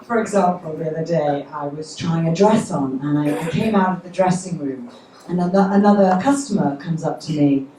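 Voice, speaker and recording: A middle-aged English woman doing a dry, deadpan stand-up set, voicing the people in her stories. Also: low-pitched, normal speed, a little hiss or hum. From England. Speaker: stand-up comedian. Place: comedy club stage. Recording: echoey club audio from far off.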